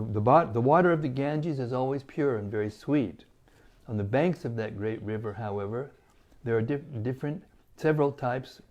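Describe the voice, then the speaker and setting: A man with a mellow, darker tone reads scripture aloud, taking it phrase by phrase at a measured pace. His pitch sits in the middle for a man, and the delivery stays careful and deliberate. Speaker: scripture reader. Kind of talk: reading scripture aloud to listeners.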